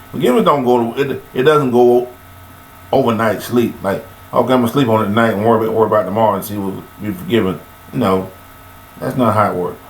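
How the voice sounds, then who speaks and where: A man giving a rambling, preachy monologue about forgiveness, recorded on a webcam, with sudden high-pitched bursts of emphasis. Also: gravelly, reverberant, a little hiss or hum, low-quality recording.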